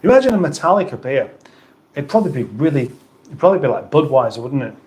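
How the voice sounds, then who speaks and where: A middle-aged man from the UK chats loosely on his own livestream. He rambles through viewers' comments with playful banter and frequent restarts, and his voice sits at an ordinary middle pitch. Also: big pitch swings, fast talker, darkish tone. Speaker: livestream host. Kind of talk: casual live chat reading viewer comments.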